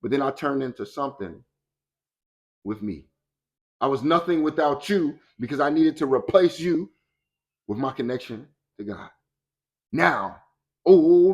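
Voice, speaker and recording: Guy doing a motivational talk, slangy and preachy, slightly high voice, keeps acting out what people say. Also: highs cut off. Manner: colloquial and preachy, acts out quoted voices. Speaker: motivational speaker.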